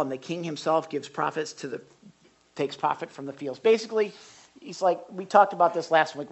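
A man, a pastor, giving a conversational sermon to a live congregation in an animated way, with big jumps in pitch and loudness. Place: church service before a live congregation.

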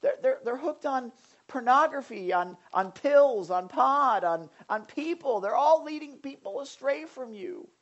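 Brief: preacher voicing a fed-up prophet, high and whiny, pleading upward. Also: expressive, measured pace, a bit bright, lo-fi sound, exaggerated voice. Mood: frustrated pleading. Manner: whiny, exasperated complaining. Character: frustrated, pleading ancient prophet, adult man.

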